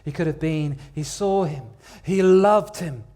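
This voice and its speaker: In a church, a man delivers a sermon, narrating the story with drama as his voice drops to a hush and then rises loud, with words repeated for emphasis. His voice sits on the high side, and his pace is moderate.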